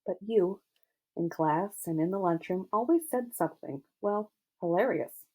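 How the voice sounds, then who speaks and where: Woman voicing gentle teen football star, sincere, hesitant, low, warm, audiobook. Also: animated, unhurried, slightly rough. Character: teenage boy football star, gentle and earnest. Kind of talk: audiobook character voice.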